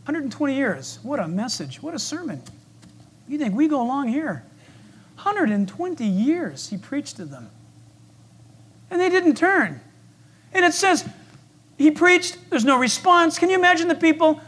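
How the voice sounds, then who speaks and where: A man preaching a sermon with lively, animated delivery. He shifts from loud declarations to soft, hushed asides and acts out the voices of the people in his stories. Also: very high-pitched, measured pace, pauses often.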